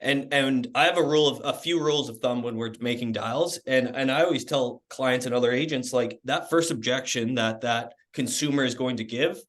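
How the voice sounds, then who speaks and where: A man's voice: medium pitch, fairly quick, hardly any pauses, a bit bright. A Canadian man co-hosting a real estate coaching talk, casual with frequent restarts. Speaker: real estate team co-host.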